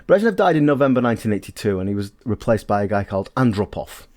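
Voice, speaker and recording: A man's voice: fairly low pitch, big pitch swings, fast, darkish tone. Bemused, stammering male podcast co-host. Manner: bemused, hesitant, stammering restarts. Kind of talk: casual podcast chat.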